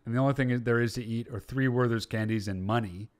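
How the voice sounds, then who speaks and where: A man's voice: mid-range voice, fast. Curious male podcast host. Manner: curious, prodding with short questions and reactions. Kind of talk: casual interview.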